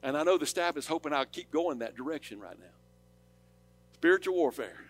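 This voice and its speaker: A man with a Southern accent preaching a sermon, rising to loud, urgent declarations and dropping to quiet storytelling. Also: a little high, lively intonation, quick pace. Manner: impassioned, swings from loud preaching to soft storytelling. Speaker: pastor.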